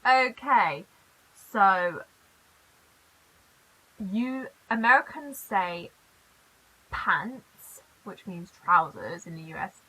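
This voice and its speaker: A British woman from the UK chatting in a casual vlog, animated and quick to laugh. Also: medium pitch, husky, low-quality recording. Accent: British English. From United Kingdom. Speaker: YouTuber.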